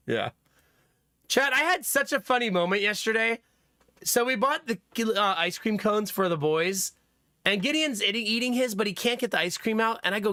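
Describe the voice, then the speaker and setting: A young man chatting with his stream viewers as a father, telling animated stories and laughing often. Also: high-pitched, moderate pace, no echo, studio quality. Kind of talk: casual chat with stream viewers.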